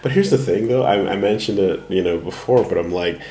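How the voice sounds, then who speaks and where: Canadian host, lowish voice, roomy echo, swears and laughs at himself in a loose chat. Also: male voice, brisk, slight background noise. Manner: animated, swears, self-deprecating. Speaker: podcast host. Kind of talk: casual podcast chat. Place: apartment. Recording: echoey room.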